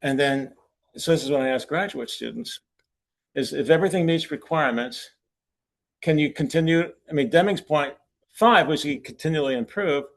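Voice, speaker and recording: Presenting at a forum, a man with a fairly high, creaky voice tells anecdotes at a moderate pace. His anecdotal lecture is loose and conversational, with restarts, and he chuckles at his own punchlines.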